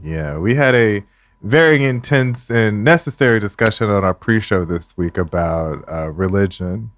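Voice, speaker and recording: A man co-hosting a podcast, soft-spoken and reflective, with hesitant fillers. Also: on the low side, animated, normal speed, dry recording. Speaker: podcast co-host. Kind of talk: casual podcast chat.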